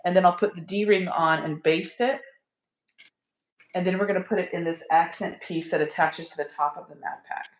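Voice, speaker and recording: A woman chatting while she sews, explaining her steps with excited giggles. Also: fairly low pitch, moderate pace, roomy sound. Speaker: guest sewing along.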